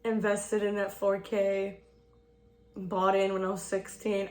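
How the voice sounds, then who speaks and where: A woman's voice: medium pitch, completely flat delivery, slow, a little mellow. A woman in her twenties vlogging a casual get-ready-with-me chat, rambling and swearing, saying "like" a lot and laughing often.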